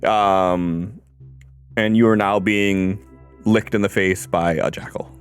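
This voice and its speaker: A man narrates a tabletop role-playing game as its game master, and he pauses often on ums and uhs. He talks slowly in a low, smooth voice, with faint music behind him. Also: steady tone. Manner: halting, full of ums and uhs.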